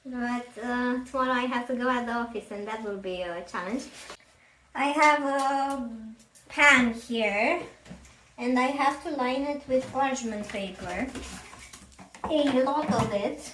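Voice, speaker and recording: A high-pitched woman talks in an unhurried way as she cooks, chatty and poking fun at herself. She sounds set back from the mic in a roomy home kitchen, with a faint hiss under her voice. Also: fairly bright tone, far from the mic. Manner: chatty, self-deprecating, thinks aloud while cooking. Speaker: cooking vlogger. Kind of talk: casual cooking chat. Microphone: camera at a distance, face out of frame.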